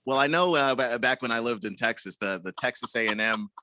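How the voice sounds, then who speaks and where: A man co-hosting a sports talk radio show, offering measured, reasoned counterpoints in casual banter. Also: medium pitch, pushed and bright, dry recording. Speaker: radio co-host. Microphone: studio microphone.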